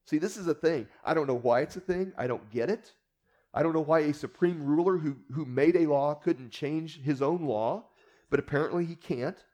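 A male preacher gives conversational Bible teaching in a somewhat high yet mellow, warm voice at a brisk pace. His style is relaxed storytelling, and he frequently turns to the listeners with rhetorical asides.

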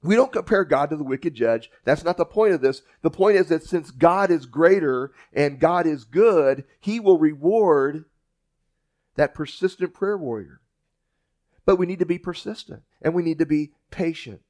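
A man preaching a sermon with a slightly high voice. He tells the story in a folksy, plainspoken way, often restarting phrases as he goes. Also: moderate pace, a little mellow. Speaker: pastor.

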